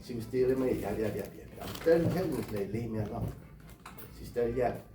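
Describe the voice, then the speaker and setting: A man's voice: mid-range voice, expressive, rapid-fire. A man telling a personal anecdote in a casual, blunt and heated way, with lots of cursing. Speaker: storyteller. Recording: roomy, distant mic, faint music.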